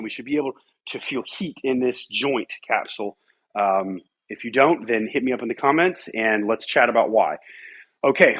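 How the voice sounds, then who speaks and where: A man coaching a guided mobility routine, calling out repetitive energetic cues. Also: medium pitch. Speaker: fitness coach. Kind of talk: guided exercise instruction.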